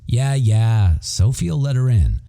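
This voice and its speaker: A man's voice: mid-range voice, big pitch swings, takes it slowly, creaky, warm tone. A man narrating a romance audiobook in first person, wry, profane and self-mocking.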